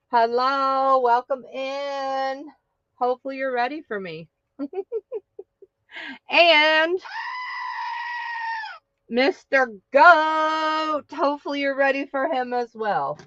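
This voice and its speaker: Bubbly high-voiced woman. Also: a bit bright, no room sound, dull audio. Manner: bubbly, playful, chatty. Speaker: livestream host. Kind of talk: casual livestream greeting.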